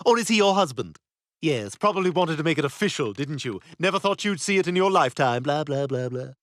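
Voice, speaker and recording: A man's voice: fairly high pitch, expressive, brisk, a bit bright, no room sound, clean studio sound. An actor voicing a snobbish, catty toddler boy who talks in a pompous, sarcastic way. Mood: smug.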